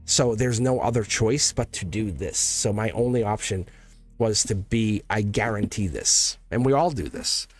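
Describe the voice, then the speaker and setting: A man's voice: fairly low pitch, a little slow, soft background music. A man in his forties hosting a live tarot stream, talking in an emphatic, rambling way and laughing between points. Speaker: tarot reader and livestream host.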